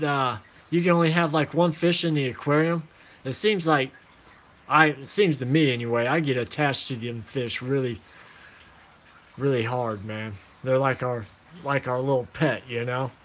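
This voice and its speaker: Easygoing guy rambling about his fish on a phone, middle pitch, lots of man and dude, bit of low hiss behind. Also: a bit bright. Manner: laid-back, rambling, calls listeners man and dude. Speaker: aquarium hobbyist vlogger. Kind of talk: casual chat to viewers.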